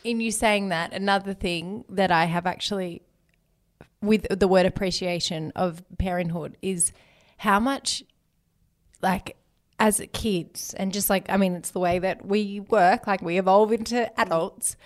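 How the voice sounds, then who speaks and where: Woman, mid pitched, chatty, podcast co-host, casual, guiding the questions. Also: steady tone, a little slow. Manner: chatty, leads with listener questions.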